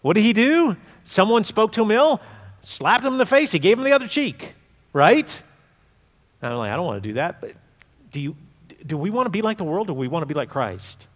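A man preaching a sermon as a pastor, talking to the congregation in a conversational way that swings between forceful emphasis and quiet asides. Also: high voice, big pitch swings, fairly quick. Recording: long hall reverb.

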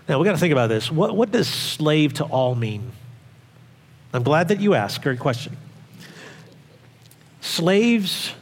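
A male pastor preaching a sermon in an animated way, acting out voices and asking the congregation questions. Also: medium pitch, normal speed, long pauses, long reverb tail, slight background noise.

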